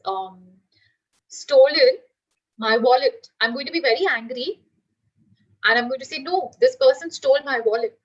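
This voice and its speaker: A woman's voice: high-pitched, fairly bright tone, dull audio. A woman teacher giving a live online class, explaining with everyday examples and asking the class questions.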